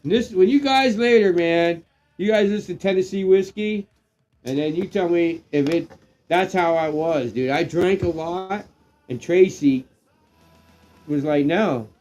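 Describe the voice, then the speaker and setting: A middle-aged man who is getting drunk, chatting loosely on a livestream, rambling, swearing and breaking into excited shouts. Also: high-pitched, unhurried, muffled recording, soft background music. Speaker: live stream co-host. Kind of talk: casual livestream chat.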